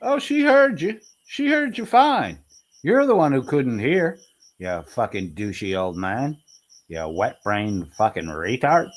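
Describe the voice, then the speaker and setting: Man mocking in lively swooping tones. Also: mid-range voice, a little slow. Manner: mocking, profane, taunting. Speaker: streamer reacting to clips. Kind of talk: heated commentary over replayed clips.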